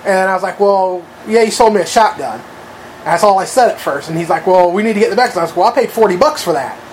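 A man's voice: high voice, animated, fast, a little hiss or hum. A man telling a long story in casual chat, rambling with lots of fillers and swearing. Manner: rambling, profane, full of fillers.

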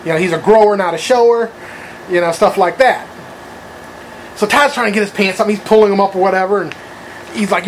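A man's voice: high-pitched, fairly even intonation, fast talker, slight background noise, low-quality recording. A man telling a crude, rambling anecdote in casual chat, swearing freely and laughing at his own story.

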